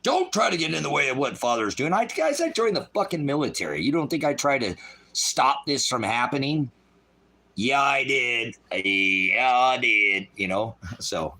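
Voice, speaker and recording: Middle-aged man, profane livestream preacher, angry and loud in bursts, mid pitch. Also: very animated, moderate pace. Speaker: street preacher.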